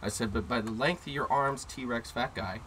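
A man co-hosting a casual podcast, telling a story in a brash, profane, animated way, recorded in a car. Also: medium pitch, normal speed, a little hiss or hum, low-quality recording. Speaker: podcast co-host. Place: inside a car.

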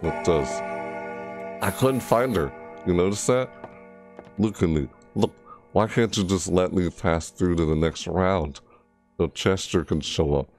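A man's voice: low voice, a little slow, pauses often, darkish tone, soft background music. A man commentating a horror game playthrough, frustrated and jumpy, scolding the game's characters and shrieking at scares. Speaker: gamer.

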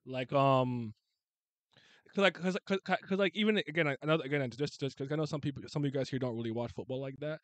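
A man hosting a casual sports chat, blunt and animated, swearing freely and restarting his sentences. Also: medium pitch, fast talker, no echo.

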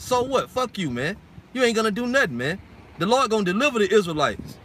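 A man's voice: high voice, expressive, fairly quick, pushed and bright, a little hiss or hum. A man preaching an informal sermon and reading scripture, blunt and heated, swearing often and ending lines with "man.". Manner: heated, blunt and profane, keeps adding "man".

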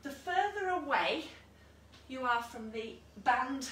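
A female fitness instructor guides an online workout from a room at home, a dog nearby, counting down and cheering people on with asides mixed into her encouraging cues. Her high, bright voice has lively intonation, though her pace is slow. She's captured from a distance in an echoey room, with a little hiss or hum.

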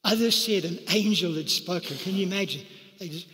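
A man delivers a sermon in a high-pitched voice. He preaches with animated energy and leaps into a higher register to act out the quoted lines. The sound rings with the long reverb of a large church hall. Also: brisk. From South Africa. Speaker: pastor.

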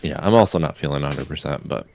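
A man's voice: very deep voice, fast, gravelly, darkish tone. A man chatting casually while playing a game with friends, making dry, grumbling remarks about it. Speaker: co-player on a game stream.

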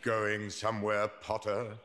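A sneering cold professor. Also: male voice, on the low side, monotone, a bit bright. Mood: scornful. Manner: slow, contemptuous drawl.

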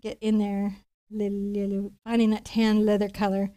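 A middle-aged woman teaching a live painting lesson, telling a story in a chatty, animated way and laughing often. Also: mid-range voice, normal speed. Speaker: painting instructor.

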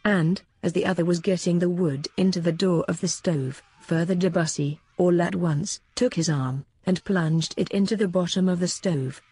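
Woman narrator, formal audiobook read, husky, dark tone. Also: fairly low pitch, moderate pace, few pauses, no room sound. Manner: steady, formal reading. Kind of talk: scripted narration.

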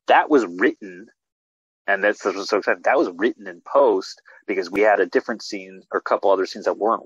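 Man, filmmaker guest, excited rambling with restarts, dull lo-fi video call audio, dry sound. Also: on the low side, slightly rough, no room sound. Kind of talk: casual interview talk.

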